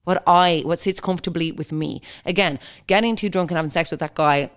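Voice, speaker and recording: A young Irish woman hosting her own podcast, talking in a blunt, animated way and swearing freely. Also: lowish voice, brisk, clean tone. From Ireland. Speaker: podcast host. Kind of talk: casual monologue.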